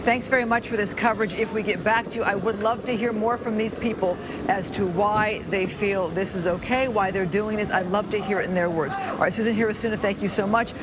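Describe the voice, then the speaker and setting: High-voiced male news anchor. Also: fairly even intonation, a little fast, background noise.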